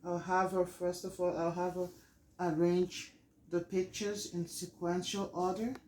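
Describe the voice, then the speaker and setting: A teacher presenting a lesson plan in a halting, explanatory way, pausing to gather their thoughts. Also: mid-range voice, little pitch movement, darkish tone, a little hiss or hum, rough recording.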